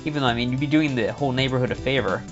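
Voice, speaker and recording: Guy ranting jokily on a game stream, muffled stream audio, quiet music behind. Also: mid-range voice, very fast. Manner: joking, ranting, rambly. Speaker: streamer playing a visual novel. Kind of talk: casual live-stream banter. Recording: slightly dull lo-fi stream audio with faint music.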